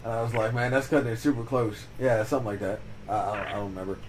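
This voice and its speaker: A man's voice: fairly low pitch, fast, noisy background. A man streaming a game and chatting casually, swearing freely and laughing as he rambles through stories. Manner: profane, laughing, loose storytelling. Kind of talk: casual chat while gaming.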